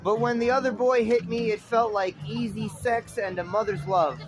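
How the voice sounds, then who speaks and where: A man's voice: sits high, fairly even intonation, moderate pace. A man delivering a rambling, dramatic stream-of-consciousness monologue with poetic turns. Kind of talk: rambling spoken-word monologue. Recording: street noise with traffic.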